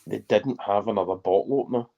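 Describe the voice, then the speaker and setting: A Scottish man with a fairly low voice tells anecdotes over a video call, and the audio comes through muffled and lo-fi. His delivery is dry and unhurried, with casual swearing. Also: vocal fry. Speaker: guest joining on call. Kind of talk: casual chat, telling anecdotes.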